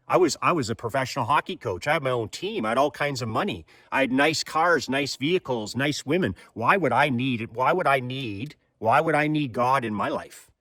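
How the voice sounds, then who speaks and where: A man's voice: mid-range voice, a bit bright, no room sound, studio quality. A man in his fifties giving a fervent motivational monologue, firing rhetorical questions and repeating his points. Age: 50s. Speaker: motivational speaker.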